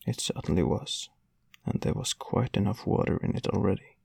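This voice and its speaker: Male narrator for a classic novel, husky and gravelly, measured and unhurried delivery. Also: fairly low pitch, darkish tone, no echo. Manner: measured storytelling reading. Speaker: audiobook narrator.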